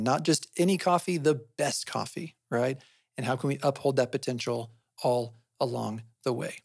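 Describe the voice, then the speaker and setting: The host speaks at medium pitch with a slightly mellow tone, explaining conversationally on his podcast and answering questions he poses himself. He habitually tacks on "right?", captured in a dry, clean studio recording.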